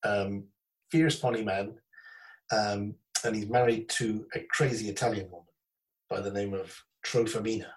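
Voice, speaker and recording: A man's voice: on the low side, moderate pace, distant mic, poor audio. Rambling man telling anecdotes. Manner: rambling, animated anecdotes with laughs. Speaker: podcast host. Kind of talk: casual storytelling chat.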